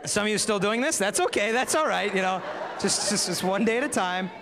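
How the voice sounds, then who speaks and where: A man's voice: high voice, brisk, background noise. Man speaking in a reverberant hall. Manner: animated storytelling, acts out quoted voices. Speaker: speaker at a high school assembly. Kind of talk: humorous motivational talk. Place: large school auditorium.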